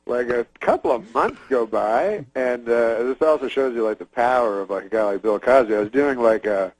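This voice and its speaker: A man's voice: mid-range voice, moderate pace, no echo, poor audio. A man comedian casually telling a long story, rambling with many fillers and frequent chuckles, on a remote call. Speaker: comedian guest.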